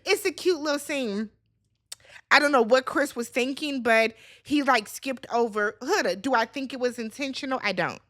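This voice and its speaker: High-voiced sassy woman recap host. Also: moderate pace, fairly bright tone. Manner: blunt, sassy and profane, talking straight to viewers. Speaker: reality show recap host. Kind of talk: casual commentary vlog.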